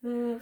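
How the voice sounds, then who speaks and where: A middle-aged woman in blunt, jokey, sweary casual chat, rambling as she talks to her viewers. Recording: distant mic, loud background noise.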